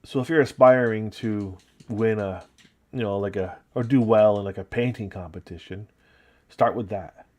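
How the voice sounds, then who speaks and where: Stream host, male, upstate New York accent, low easygoing voice, rambles between tasks. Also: normal speed. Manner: relaxed, rambling, talking while working and reading chat. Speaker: livestream host painting miniatures. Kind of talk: casual livestream chat.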